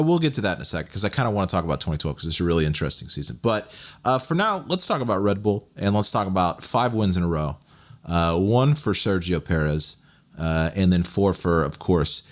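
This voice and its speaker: A young man from Texas with a very low voice talks loosely on a podcast. He rambles through fillers, breaks into laughs and jumps up in pitch as he gets animated. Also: fairly quick. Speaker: podcast co-host. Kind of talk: casual chat.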